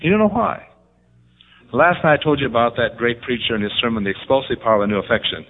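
A man's voice: fast, faint music behind. Guy preaching, lots of stories, voice swoops all over, sounds like an old tinny recording. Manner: animated storytelling, voices quotes with big pitch jumps. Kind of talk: sermon. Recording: tinny phone-like band.

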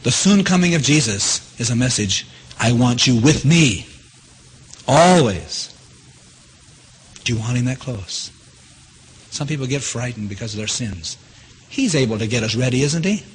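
A man preaching a sermon. He keeps asking his listeners questions and his voice leaps up in pitch to stress a point. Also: a little fast, husky. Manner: animated, asks the audience questions, jumps high in pitch for emphasis. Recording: long hall reverb.

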